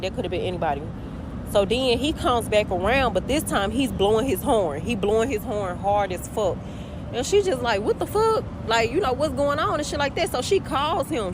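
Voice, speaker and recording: A woman's voice: mid-range voice, noisy background. Woman telling a story from her car. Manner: conversational, addresses listeners as y'all, swears freely. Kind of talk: casual storytime.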